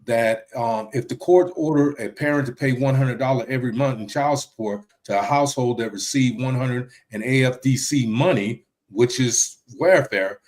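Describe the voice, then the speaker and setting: A man hosting a casual discussion, reading from his notes and often pausing with ums and restarts. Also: medium pitch, darkish tone. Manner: hesitant, many ums and restarts.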